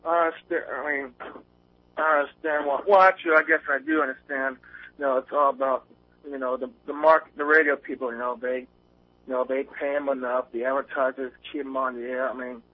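On a tinny phone line from a windy outdoor spot, a man calls a radio show and chats nervously. His voice is medium in pitch, brisk, and fairly even in intonation, though he rambles with many fillers and restarts.

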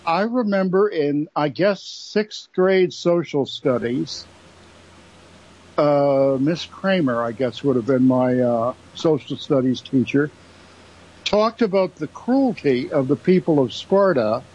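Husky-voiced man on a muffled line. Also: on the high side, animated, slow, darkish tone. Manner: wry, joking interjections. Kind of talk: casual chat.

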